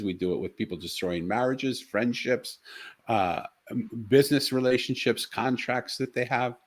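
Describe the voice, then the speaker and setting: A middle-aged man co-hosting a talk show, telling a personal story in an earnest, animated way with frequent restarts. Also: fairly low pitch. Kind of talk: casual chat, storytelling.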